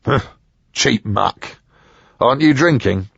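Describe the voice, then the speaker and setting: A man's voice: mid-range voice, expressive, slow, gravelly, a bit bright, husky, no echo, dull audio, voice pushed up, heavily acted. A man voicing a bulky, quarrelsome crook who blusters and accuses. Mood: angry.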